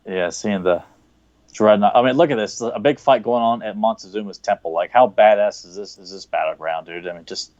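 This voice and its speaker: A man with a Southern US accent chatting casually as a podcast co-host, excited and rambling, with lots of fillers and restarts. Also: lowish voice, fairly quick, no room sound, highs cut off. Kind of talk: casual chat, watching a cartoon.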